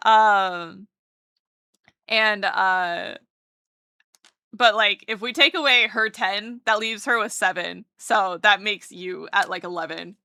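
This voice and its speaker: A woman livestreams in a bubbly, excitable way, rambling with lots of fillers and greeting chat with repeated hellos. Her mid-range voice is gravelly, and the dry recording is studio quality.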